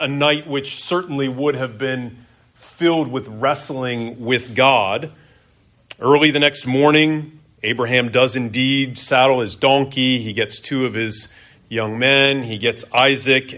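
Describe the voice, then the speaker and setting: A middle-aged man preaching a sermon as pastor, conversational, asking his listeners questions and often pausing on "uh". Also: medium pitch, steady tone, bright, forceful tone. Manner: conversational, asks the congregation questions.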